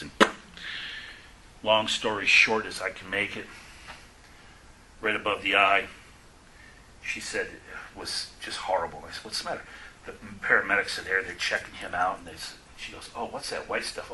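A man with a low, sharply bright and forceful voice delivers a testimony-style sermon. He tells his stories by acting out each exchange, sinking to a near whisper for the quoted lines. A faint hiss of noise sits under the recording. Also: rough recording. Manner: storytelling, acts out quoted dialogue, drops to a hushed voice for quotes. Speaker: preacher.

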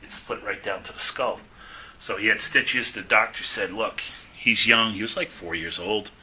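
A man with a low, sharply bright and forceful voice delivers a testimony-style sermon. He tells his stories by acting out each exchange, sinking to a near whisper for the quoted lines. A faint hiss of noise sits under the recording. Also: moderate pace, low-quality recording. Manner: storytelling, acts out quoted dialogue, drops to a hushed voice for quotes. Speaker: preacher.

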